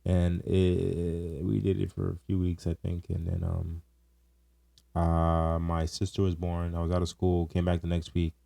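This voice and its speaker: A man's voice: low-pitched, monotone, measured pace, gravelly, warm tone, dry recording. A young man co-hosting a casual podcast, teasing his friend and laughing through his own stories. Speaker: podcast co-host. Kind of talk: casual chat.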